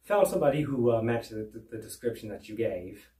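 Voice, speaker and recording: A man voicing a stern male school principal with a low, slow, deliberate way of questioning, recorded in a roomy space. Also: expressive, mellow, far from the mic, close to an everyday voice. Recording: roomy, away from the mic.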